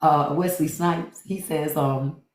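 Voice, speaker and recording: Woman, livestream host, blunt, profane, repeats herself, lowish voice. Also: steady tone, slow, a little mellow, reverberant. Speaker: podcast host. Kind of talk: livestream commentary to viewers.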